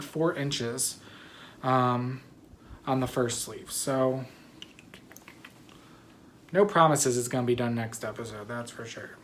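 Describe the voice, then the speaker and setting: A woman hosting a knitting video podcast in a casual, rambling way, sleepy and yawning, often apologizing. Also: sits low. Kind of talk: casual chat.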